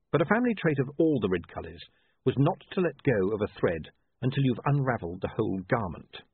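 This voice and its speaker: Husky man narrating a story. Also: lowish voice, big pitch swings, fairly quick. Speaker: audiobook narrator. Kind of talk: expressive scripted narration. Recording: dry, tinny phone-like line.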